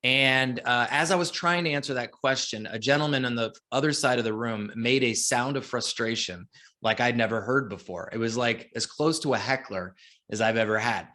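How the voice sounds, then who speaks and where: A man's voice: mid-range voice, bright, forceful tone. A man presenting a marketing masterclass in an upbeat, chatty way, often putting questions to his listeners. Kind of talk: lively webinar teaching.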